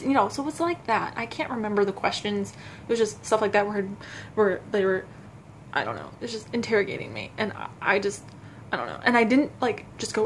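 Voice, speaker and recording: A young adult woman vlogging to camera, telling a personal story in a halting, self-conscious way with frequent restarts. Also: mid-range voice, lively intonation, slight background noise.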